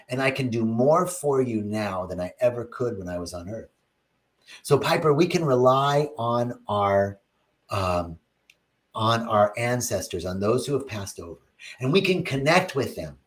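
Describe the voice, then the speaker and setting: A man in the middle of his range talks through a spiritual teaching on a livestream. He speaks reflectively, reads out viewers' comments and answers them, and leans into stories with big, animated swings in tone. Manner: reflective, animated storytelling with dramatic pitch swings.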